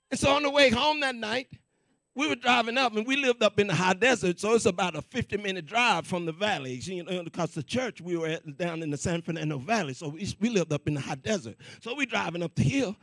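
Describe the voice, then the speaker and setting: A male preacher tells his story in an animated, conversational way and keeps repeating his key lines. His voice sits high for a man, with a gravelly, husky texture. The sound is close and dry. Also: no room sound. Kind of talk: sermon testimony storytelling.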